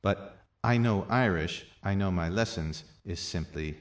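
Slow and deliberate, a male teacher reads language practice sentences and their translations aloud, interspersing gentle, low asides.

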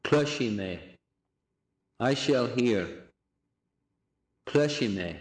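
Slow, deliberate male language teacher. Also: mid-range voice, animated, echoey room. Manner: slow, deliberate drilling of phrases with repetition. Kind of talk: recorded language lesson.

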